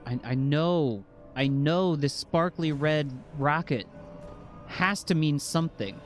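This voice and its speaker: A man casually commentating his game playthrough, jokey and excitable, reading item scans aloud. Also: on the high side, takes it slowly, faint music behind. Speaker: game streamer. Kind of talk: casual let's-play commentary.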